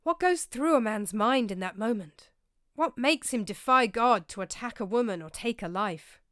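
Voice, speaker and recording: Lady doing a cheery monk keeping the peace, bit higher, dry read. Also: animated, normal speed, fairly bright tone, clear, resonant tone, no room sound. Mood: cheerful. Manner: cheerful, soothing.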